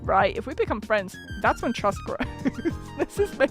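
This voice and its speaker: A woman's voice: a little high, very animated, a little slow, over music. A woman streaming a game, reading its text aloud and chatting in a giggly, self-deprecating way into a desk mic.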